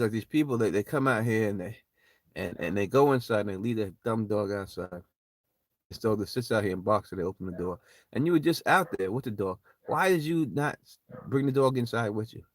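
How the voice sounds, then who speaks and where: A man's voice: fairly low pitch, no echo. A man hosting his own channel, chatting casually and rambling, often laughing and repeating himself. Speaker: channel host. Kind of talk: casual live chat. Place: at home by an open window.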